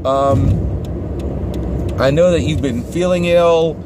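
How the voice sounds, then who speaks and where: A woman's voice: deep voice, slow, background noise. A man voicing a sweet, overly polite church lady who brings a pie to a neighbor. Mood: sweetly polite.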